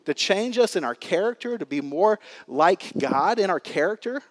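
A man in his thirties preaches in a church with a light, high voice. He talks like he's chatting with friends, full of fillers and easy storytelling. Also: expressive, moderate pace. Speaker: pastor. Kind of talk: sermon.

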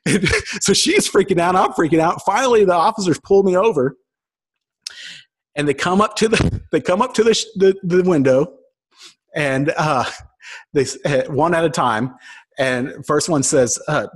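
A man's voice: on the high side, normal speed, breathy edge. A man in his thirties giving a sermon, telling a personal story with humor and acting out the voices of people in it. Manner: storytelling, acts out quoted voices, self-mocking. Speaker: pastor.

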